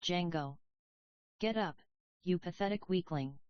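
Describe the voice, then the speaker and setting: A woman voicing a cruel, scheming male villain with a hissing, venomous manner, read at a slow pace. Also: on the low side, no echo, close to an everyday voice. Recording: dry, slightly dull audio.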